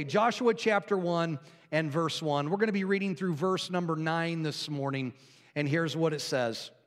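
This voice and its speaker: High-voiced pastor guy talking to his church, lots of hall echo. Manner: jokey, chuckles at own joke. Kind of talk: sermon with opening joke. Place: church sanctuary. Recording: long reverb of a large hall.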